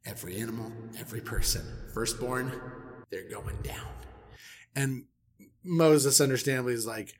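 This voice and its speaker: A man's voice: medium pitch, moderate pace. A man co-hosting a podcast who retells a story with jokes and frequent laughs. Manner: animated, jokey, laughs often. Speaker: podcast co-host. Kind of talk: comedic storytelling.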